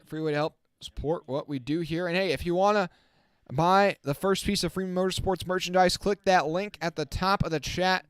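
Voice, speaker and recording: A man giving casual live-stream race commentary as the channel host, chatting with his viewers and getting excited on the restarts. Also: high-pitched, normal speed, clear, resonant tone, dry recording, studio quality. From not from the South. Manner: self-correcting, talks to the chat.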